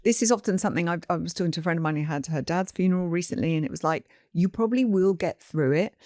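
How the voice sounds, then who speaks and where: A middle-aged woman co-hosting a casual podcast chat, giving gentle, reassuring advice. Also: lowish voice, quick pace, no room sound, studio quality. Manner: warm, reassuring, soft-spoken advice. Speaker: podcast co-host.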